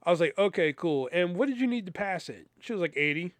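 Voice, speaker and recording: A man with a fairly high, smooth and resonant voice tells a rambling story in a casual, profane way, playing every part in the conversations. The sound is dry and close. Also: fast talker, no room sound. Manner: animated, profane, acts out both sides of conversations. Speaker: podcast host.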